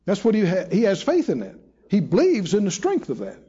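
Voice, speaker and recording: A man's voice: high-pitched, wildly swooping pitch, brisk, mellow, husky, lo-fi sound. A man preaching a sermon to a live congregation, emphatic and call-and-response, drawing out key phrases and acting out quotes as he tells stories. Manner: storytelling with voiced quotes. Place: church hall with live audience.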